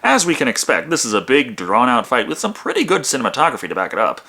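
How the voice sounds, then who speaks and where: A man narrates a comedic movie review. He is sarcastic and profane, and his pitch leaps around a lot. His voice sounds bright and forward. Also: sing-song, quick pace, slightly rough.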